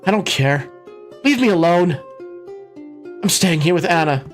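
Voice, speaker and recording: A man's voice: sits high, expressive, unhurried, soft background music, pitched above the performer's own voice. A man voicing a timid young prince in a game read-through, plaintive in tone.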